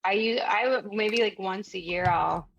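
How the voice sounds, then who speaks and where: A woman co-hosting a podcast, chatting casually and relaxed, with laughing asides. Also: mid-range voice, moderate pace, creaky, highs cut off, a little hiss or hum. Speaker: podcast co-host. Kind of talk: casual chat.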